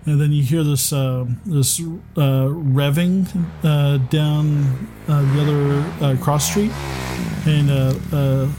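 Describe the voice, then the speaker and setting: A man running a tabletop game as game master, narrating in a halting way with many pauses. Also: on the high side, fairly even intonation, noisy background.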